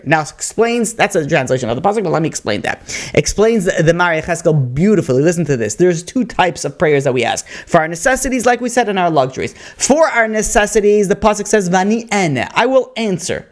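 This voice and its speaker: A man, a rabbi, giving a Torah lecture, telling stories with animated emphasis and weaving Hebrew and Yiddish terms into his English. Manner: animated storytelling, rising pitch for emphasis.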